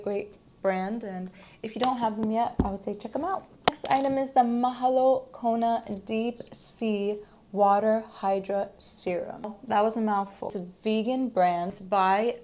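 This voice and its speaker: A woman's voice: mid-range voice, steady tone, moderate pace, warm tone. A young woman vlogging to camera, chatting with enthusiasm about beauty products and talking to her viewers as guys. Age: young adult.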